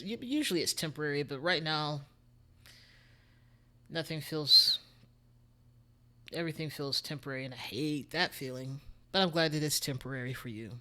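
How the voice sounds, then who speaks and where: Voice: medium pitch, sharp tone. A music streamer with a Texan accent, chatting casually and rambling to viewers from a home studio at a desk microphone. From Texas. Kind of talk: casual livestream chat.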